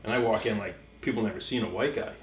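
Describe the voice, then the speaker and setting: A man, a trainer, telling rough stories in casual chat, swearing and laughing through them. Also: on the low side, quick pace, reverberant, slight background noise. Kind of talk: casual storytelling.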